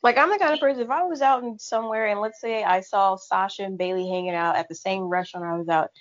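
A woman co-hosting a casual chat, adding relaxed, chatty asides. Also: mid-range voice, fast talker. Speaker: podcast co-host. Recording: dull lo-fi sound.

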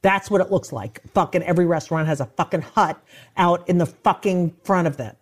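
A woman comedian in casual chat, ranting with heavy swearing and animated outbursts. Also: fairly low pitch, a little fast.

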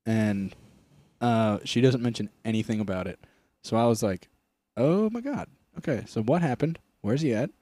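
A man's voice: mid-range voice, expressive, normal speed, mellow, dry recording. A young man co-hosting a podcast, telling crude stories in a rambling, joking way. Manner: crude, rambling storytelling with bursts of laughter. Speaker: podcast co-host. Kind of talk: casual chat.

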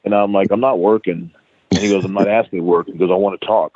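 A man's voice: low voice, rapid-fire, no room sound. A middle-aged man, a guest on an interview show, telling a story in a casual, profane way and acting out the quoted dialogue. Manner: profane, animated anecdote with acted-out quoted dialogue. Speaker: guest, wrestling trainer. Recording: tinny phone-like line.

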